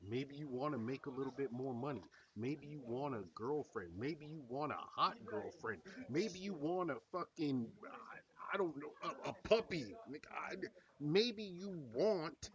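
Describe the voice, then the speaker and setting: A man's voice: mid-range voice, normal speed, far from the mic, dull audio, a crowd in the background. Blunt swearing man ranting commentary. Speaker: streamer reacting to a video. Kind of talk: profane reaction commentary.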